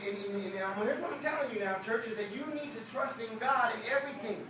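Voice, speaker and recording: A man's voice: sits high, fast talker, few pauses, a crowd in the background. A male evangelist preaching a revival sermon, stacking repeated emphatic phrases. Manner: repetitive, building emphatic refrains. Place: church sanctuary. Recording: echoey church hall, distant mic, noisy.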